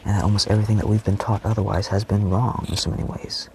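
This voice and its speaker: Gravelly, swearing man rambling in monologue. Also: on the low side, little pitch movement, fast, darkish tone, slight background noise. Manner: profane, rambling, often dropping to a whisper. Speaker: vlogger.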